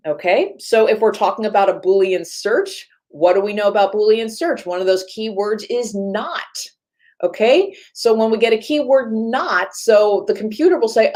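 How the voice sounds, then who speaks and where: A woman's voice: medium pitch, moderate pace. Librarian lady giving a panel talk, chatty, acts out little voices in her stories, lots of asides. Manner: lively storytelling, acts out quoted voices; chatty, self-correcting asides. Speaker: reference librarian.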